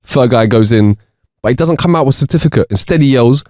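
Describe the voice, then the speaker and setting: A man's voice: mid-range voice, quick pace, darkish tone, no echo, clean studio sound. A man co-hosting a podcast, reading jokes aloud in casual chat and laughing between them. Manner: reads jokes with bursts of laughter. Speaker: podcast co-host.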